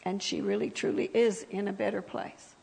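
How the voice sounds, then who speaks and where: A woman with a croaky voice giving a sermon in a church, talking to the audience in a conversational way with asides. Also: mid-range voice, flat delivery, moderate pace, a little mellow, long reverb tail, poor audio. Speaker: speaker at a church service. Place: church hall.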